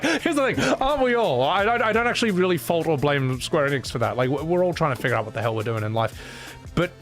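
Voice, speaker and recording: A man's voice: a little high, a bit bright. Guy streaming, reads chat and rambles back, chuckles a lot, faint music behind. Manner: rambling, chuckling, lots of fillers. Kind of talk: casual livestream chat.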